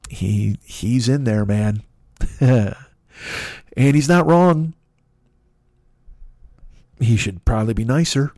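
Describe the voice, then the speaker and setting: Podcast guy rambling on his own, lots of restarts, mid pitch, dry close mic. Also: darkish tone, no room sound. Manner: rambling, self-critical, many restarts. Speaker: podcast host. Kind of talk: casual solo monologue.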